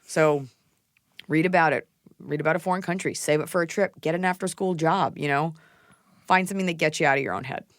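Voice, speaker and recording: A woman's voice: sits low, brisk, dry recording, clean studio sound. A woman in her thirties hosting a podcast, giving blunt, casual advice and swearing freely. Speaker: podcast host.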